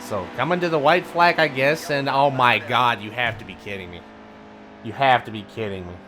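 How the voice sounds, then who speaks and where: A man giving live commentary on a racing game, grumbling and ranting, swinging from low muttering to loud outbursts. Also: normal speed. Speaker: gaming video host. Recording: game engine noise behind voice. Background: racing game car sounds.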